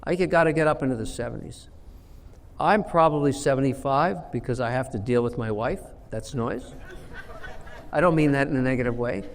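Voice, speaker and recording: A man in his sixties tells business anecdotes bluntly and emphatically, in an interview setting. His voice sits at an ordinary male pitch, and the room gives it a long, lingering reverb. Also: brisk, a little hiss or hum. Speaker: investor guest. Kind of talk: storytelling interview answer.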